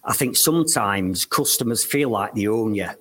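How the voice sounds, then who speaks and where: A man's voice: fairly low pitch, expressive, normal speed, fairly bright tone, a little hiss or hum. A man who runs a loft conversion business, telling blunt stories as a podcast guest.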